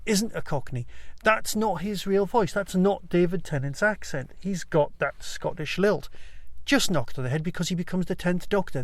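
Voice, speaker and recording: A man hosts his own podcast, giving a chatty, enthusiastic solo review full of rambling asides. His voice is fairly high with vocal fry, captured in a dry recording.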